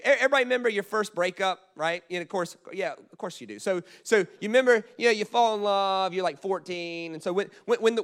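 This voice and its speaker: A man preaching a sermon, talking in a loose conversational way with frequent restarts and asides to the congregation. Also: sits high. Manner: animated, repeats words, conversational asides. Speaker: pastor.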